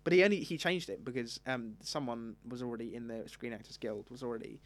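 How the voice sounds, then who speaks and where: A man co-hosting a podcast, chatting casually and gushing about films with frequent laughs. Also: medium pitch. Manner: fast, gushing, laughs often. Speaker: podcast co-host. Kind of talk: casual chat.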